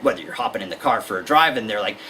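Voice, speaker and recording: This woman's voice is rumbling low, bright and forceful, racing along with lively intonation over poor audio with a little hiss or hum. Addressing parents about childhood anxiety, she lectures conversationally, illustrating with everyday examples and scenes she acts out.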